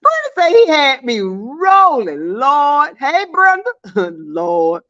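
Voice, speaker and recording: A woman's voice: high voice, huge pitch swings, takes it slowly, fairly bright tone. A woman chatting casually on a live stream, laughing and reading viewer comments aloud, on dull lo-fi audio.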